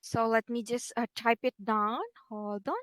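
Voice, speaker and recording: A woman's voice: on the high side, little pitch movement, measured pace, a bit bright, no room sound. A woman with a Filipino accent teaching a one-on-one online English lesson, speaking patiently and drawing out her words with frequent okays.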